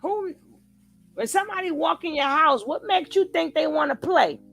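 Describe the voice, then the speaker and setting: A woman's voice: sits high, normal speed. A woman giving casual live reaction commentary, reading the chat and acting out quoted lines with lots of repetition. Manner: animated, repeats quoted lines in different voices; talks back to a live chat.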